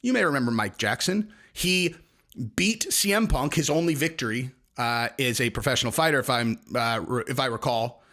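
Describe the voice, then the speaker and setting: A man's voice: mid-range voice, normal speed, sharp tone. A man hosting a casual commentary rant, sarcastic and rambling, slipping into mocking quoted voices. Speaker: commentary video host.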